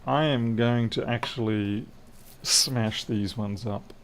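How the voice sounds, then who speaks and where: A man's voice: mid-range voice, takes it slowly, slight background noise. A middle-aged Australian man with an Australian accent, chatting casually and self-deprecatingly on a repair livestream. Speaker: electronics repair streamer. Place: indoor workshop.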